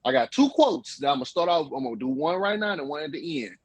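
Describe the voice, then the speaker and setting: A man hosting a live-stream talk show, chatting casually and joking with his co-host and the chat in a husky, laid-back voice. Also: fairly high pitch, very animated, fast, no echo, rough recording.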